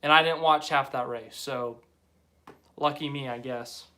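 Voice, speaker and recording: A man's voice: medium pitch, fairly even intonation, measured pace, bright, forceful tone. A young man hosting a live stream, chatting casually and rambling as he reads viewer comments aloud. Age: young adult.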